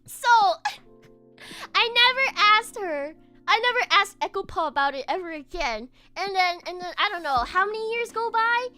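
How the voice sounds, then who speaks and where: A woman's voice: extremely high pitch, animated, measured pace, bright, forceful tone, faint music behind. A young woman streamer telling a casual story while drawing, giggling often and restarting her phrases. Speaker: virtual streamer.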